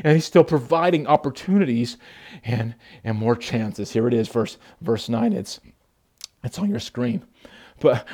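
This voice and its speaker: Male pastor, fervent, stumbling restarts, slightly higher voice. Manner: impassioned, repetitive restarts, acts out quotes loudly. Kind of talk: sermon.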